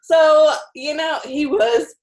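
Animated, laughing woman storyteller. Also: high-pitched, slow, vocal fry. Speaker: ranch wife telling a story. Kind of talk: casual chat.

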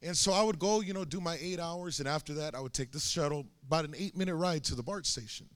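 A man's voice: a little high, fast talker. A young man preaching a sermon, telling a personal story with many fillers and restarts. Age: young adult.

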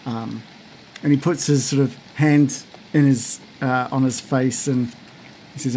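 A man runs a tabletop game as its game master, narrating in a halting way with many fillers. His pitch sits in the middle, and a faint hiss runs behind him. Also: fairly even intonation, a little mellow, poor audio.

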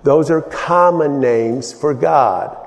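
A man preaching a Bible-teaching sermon, explaining in a halting way with many restarts and fillers. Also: on the high side, in a large hall.

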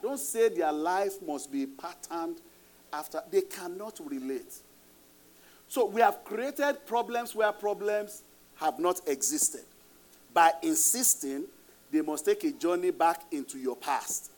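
A middle-aged man with a Nigerian accent, preaching a sermon as pastor in an emphatic, raised voice, laughing between points. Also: fairly high pitch.

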